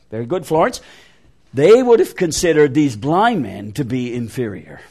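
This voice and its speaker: A man's voice: fairly high pitch, a little mellow. A man preaching an interactive sermon, making emphatic, repeated appeals to his listeners.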